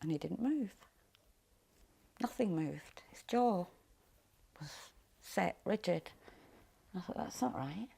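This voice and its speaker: A middle-aged woman, a mother, recounting her past in a documentary interview, speaking quietly and haltingly, often trailing off low. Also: expressive, gravelly, slightly rough.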